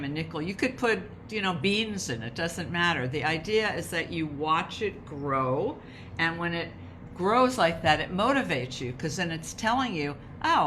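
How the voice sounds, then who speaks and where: A woman's voice: lowish voice, bright, forceful tone, a little hiss or hum. A woman talking about rituals and wellness in a conversation, explaining with emphasis. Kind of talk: conversational advice talk.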